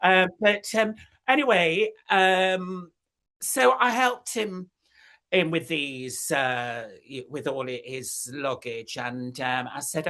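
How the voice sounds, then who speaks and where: A guest in their sixties, telling long anecdotes in a chatty interview, with many fillers and big jumps in pitch. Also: a little slow, bright, forceful tone. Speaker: guest, former recording artist.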